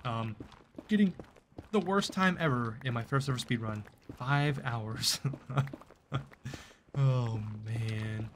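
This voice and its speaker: Slow and pausing often, a streamer comments on the game he's playing at his computer, chatty and self-deprecating, sometimes talking to the creatures. His pitch is medium, and a little hiss or hum runs underneath.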